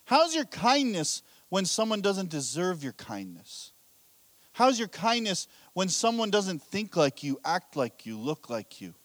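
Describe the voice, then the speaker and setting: A man's voice: high voice, sing-song, measured pace, fairly bright tone, dry recording. A middle-aged man preaching a sermon as pastor, telling candid, self-deprecating stories with a laugh.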